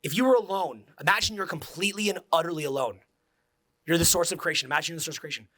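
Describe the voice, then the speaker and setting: Man, forties, motivational speaker, intense, swearing, bright forceful voice. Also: on the high side, rapid-fire. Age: 40s. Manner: intense, preachy, profane, swings to near-whispers. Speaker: social skills coach.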